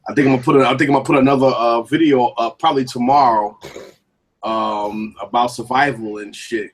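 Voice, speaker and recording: Man, collector chat, slightly husky, loose and profane. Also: medium pitch, steady tone, brisk. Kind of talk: casual chat.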